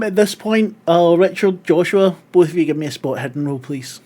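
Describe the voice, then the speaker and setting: A man's voice: on the high side, expressive, moderate pace, darkish tone. A man narrating as game master of a tabletop horror game, casual, laughing and swearing.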